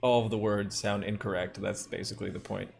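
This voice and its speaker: A man's voice: on the low side, brisk, creaky. A young man with a Long Island accent, chatting casually on his livestream and laughing easily. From Long Island, New York. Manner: laughs often, relaxed and jokey. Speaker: livestream host.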